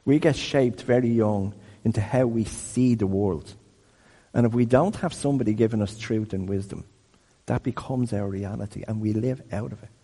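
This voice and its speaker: A man's voice: on the low side, normal speed, warm tone, slightly rough. Fifty-something man preaching in a reverberant hall. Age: 50s. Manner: conversational, asks the audience questions. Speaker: speaker. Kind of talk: sermon-style teaching talk.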